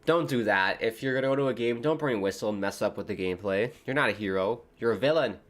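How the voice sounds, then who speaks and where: A man's voice: fairly low pitch, fast talker. A man from the United States hosting a live football watchalong, giving casual commentary that drifts into rambling side chats. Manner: chatty and rambling, jumping between match calls and tangents. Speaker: livestream host.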